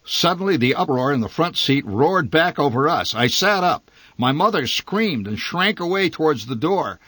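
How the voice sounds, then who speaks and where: A man reading a humorous memoir story aloud, with a wry, dry and lively delivery. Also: fairly high pitch, moderate pace, slightly rough, no echo. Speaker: narrator.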